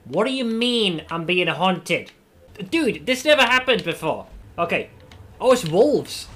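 A man streaming a game, commenting live, swearing often and yelling when startled. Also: sits high, sing-song, moderate pace, over music.

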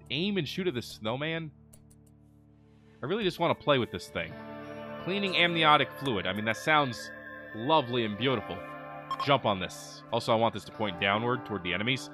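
A man giving animated let's-play commentary, reacting loudly and chatting to the characters on screen. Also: medium pitch, brisk, long pauses, over music. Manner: excitable, chatty, talks to game characters. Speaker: gaming video host.

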